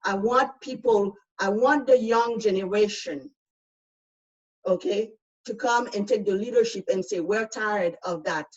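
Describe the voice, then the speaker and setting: A woman's voice: medium pitch, measured pace, darkish tone. Accented woman panelist, outspoken and emphatic, dull distant call audio. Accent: foreign accent. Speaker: panel speaker. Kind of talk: personal testimony in a panel discussion.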